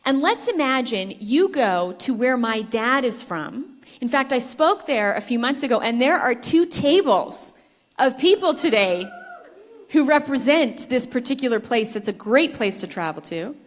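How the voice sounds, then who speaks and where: Woman, keynote speaker, high voice, lively storyteller, quizzes the crowd. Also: measured pace. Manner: lively storytelling, asks the audience questions. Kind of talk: conference keynote speech. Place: conference stage before a live audience.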